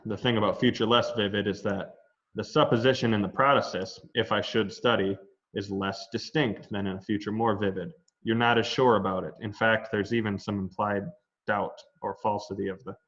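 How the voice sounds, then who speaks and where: A fairly bright, lower-pitched male voice comes through dull lo-fi audio from an online class. The man explains a Latin grammar lesson in a relaxed, conversational style, drifting into asides.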